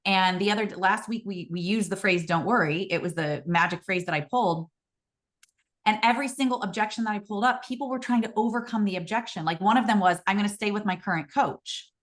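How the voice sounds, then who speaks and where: A woman hosting a casual sales coaching chat, lively and acting out quoted phrases. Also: medium pitch, brisk.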